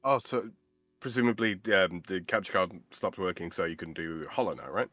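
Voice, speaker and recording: A tired man co-hosting a live stream in casual chat, talking slowly and laughing often. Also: low voice, expressive, a bit bright, dry recording.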